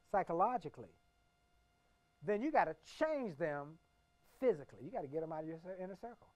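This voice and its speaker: A man in his fifties from the Washington, D.C. area giving a motivational keynote speech. He tells stories emphatically, repeating phrases and swinging between hushed and booming delivery. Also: sing-song, a little fast, pauses often. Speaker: motivational speaker.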